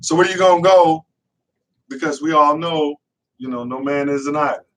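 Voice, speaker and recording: A man's voice: fairly high pitch, moderate pace, fairly bright tone. A man co-hosting a casual talk show, earnest and persistent, peppering his points with "real talk" and "right?". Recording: voice a bit distant from the mic.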